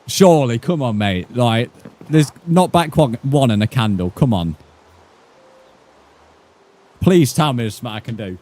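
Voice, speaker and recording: A man's voice: medium pitch, unhurried, pauses often. Foul-mouthed British man streaming a game. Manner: profane, excitable, mock-outraged. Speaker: gaming streamer. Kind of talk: live gameplay commentary.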